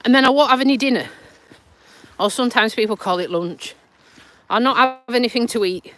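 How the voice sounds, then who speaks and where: Recorded dry on a phone, this fairly high-pitched, slightly bright female voice moves briskly as she live-streams from a countryside walk. The vlogger comes from Lincolnshire, England, and has a local accent and a stuffy nose. She's chatty and self-mocking, with frequent laughter and dialect words.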